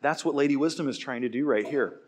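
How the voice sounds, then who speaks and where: A man in a young adult age range preaching a sermon with animated delivery, acting out quoted voices now and then. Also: mid-range voice, fast, husky. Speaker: pastor.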